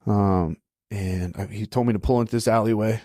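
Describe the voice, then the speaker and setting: A young adult man with a low voice tells his stories in a casual, laid-back way, checking in with "right?" as he goes. The sound is close and dry, with no room around it. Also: fairly even intonation, moderate pace, mellow, dry recording. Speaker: podcast guest. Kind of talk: casual storytelling.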